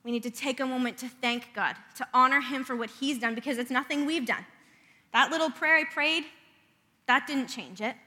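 A woman's voice: high-pitched, moderate pace, sharp tone. A woman giving an earnest sermon in a church, praying and telling a family story. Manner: earnest, storytelling with prayerful passages. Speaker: preacher. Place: church sanctuary. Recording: long reverb of a church hall.

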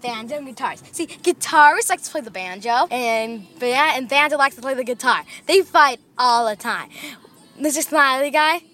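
A woman's voice: high-pitched, lively intonation, moderate pace, bright, forceful tone. A woman hosting a playful homemade comedy sketch, bossy and giggly. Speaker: show host.

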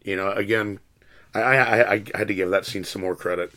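A man co-hosting a casual movie chat, speaking slowly with exasperated profanity. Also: fairly low pitch, fairly even intonation, bright, forceful tone.

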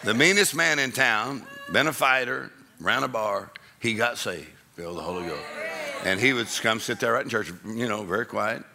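A male comedian doing stand-up storytelling, animated and acting out people with sudden high shouts. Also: normal speed, creaky, a crowd in the background.

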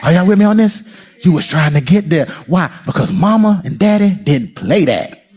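A man's voice: high-pitched, moderate pace, breathy edge. A man preaching a sermon as pastor, calling out to the congregation and acting out voices. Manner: animated preaching, calls to the congregation, acts out voices.

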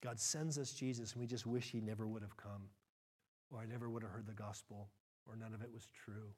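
A middle-aged man preaching a sermon, acting out quotes with big leaps in pitch and moving between quick and slow delivery. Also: steady tone, darkish tone, breathy edge. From United States. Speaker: pastor.

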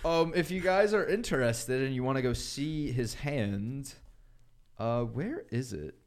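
A man's voice: mid-range voice, lively intonation, measured pace. A young man hosting a podcast in casual chat, laughing often and stumbling over tricky names. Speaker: podcast host.

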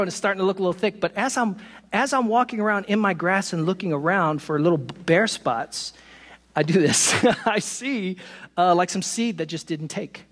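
A man preaching a sermon to his congregation, animated and quick to poke fun at himself with laughing asides. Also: sits high, big-room sound. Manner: animated, self-deprecating humor, laughs at own stories. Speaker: pastor. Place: church sanctuary.

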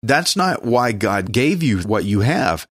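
A man's voice: medium pitch, sing-song, takes it slowly, husky, no echo, clean studio sound. A man from Texas with a Texan accent, teaching the Bible on a radio show in a casual, folksy, joking way, sometimes stumbling over names.

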